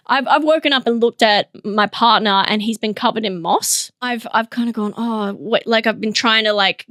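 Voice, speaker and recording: A young Australian woman riffing on a solo comedy podcast, her high voice leaping all over the place. She rambles, cuts herself off and bursts into laughter often. The sound is dry and close, with no room around it. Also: a bit bright, no echo. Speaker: podcast host.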